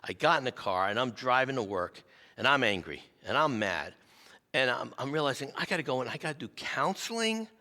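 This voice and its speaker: Animated, self-deprecating male pastor. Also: mid-range voice, brisk. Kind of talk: sermon with personal storytelling. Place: church sanctuary. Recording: long church reverb.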